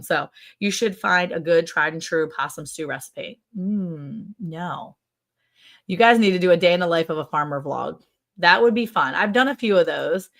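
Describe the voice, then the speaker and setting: A middle-aged woman hosting a casual livestream chat. She is chatty, quick to laugh, and fills her talk with "like". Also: on the low side. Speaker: ranch channel host.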